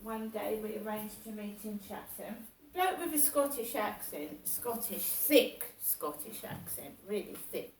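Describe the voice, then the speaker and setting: Woman, halting and rambling, slow, roomy distant sound. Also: mid-range voice, lively intonation, slight background noise. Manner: rambling and halting, with many fillers and restarts. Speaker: vlogger. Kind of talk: casual personal storytelling.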